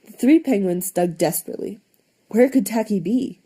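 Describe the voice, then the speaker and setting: A young woman reading a children's storybook aloud, expressive, with lively voices for the characters. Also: mid-range voice, moderate pace, husky. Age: young adult. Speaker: audiobook reader.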